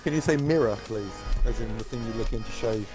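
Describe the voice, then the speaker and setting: A man teasing a friend about pronunciation in a relaxed voice chat. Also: lowish voice, brisk, soft background music. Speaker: fellow player in voice chat. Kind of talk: casual chat.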